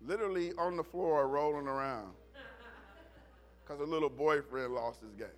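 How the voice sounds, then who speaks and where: A middle-aged pastor with a fairly high voice preaches at a moderate pace, bringing his sermon's stories to life by acting out each character's voice.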